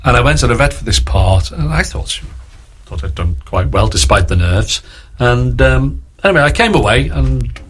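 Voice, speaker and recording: A husky-voiced Liverpool man in his sixties, telling a long story as a radio interview guest. His pitch sits in an ordinary middle range. He wanders through the tale with asides and acts out the other people in it. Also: animated, normal speed, fairly bright tone. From Liverpool, England. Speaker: guest actor.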